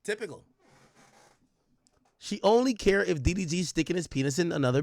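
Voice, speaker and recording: A man's voice: high voice, animated, fairly quick, gravelly, pauses often, darkish tone, no echo, clean studio sound. Blunt, profane male streamer. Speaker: streamer commentator. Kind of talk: livestream commentary reading documents aloud.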